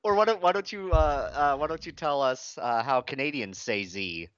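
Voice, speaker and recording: A man's voice: mid-range voice, normal speed, a bit bright. Laughing male podcast co-host. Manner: laughs easily, gushing reactions. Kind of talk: casual comedic chat. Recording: dry, dull lo-fi podcast audio.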